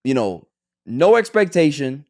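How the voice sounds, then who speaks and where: A man's voice: a little high, big pitch swings, a little slow, darkish tone. A man hosting a sports podcast, talking casually and rambling, with frequent restarts and fillers. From Queens, New York.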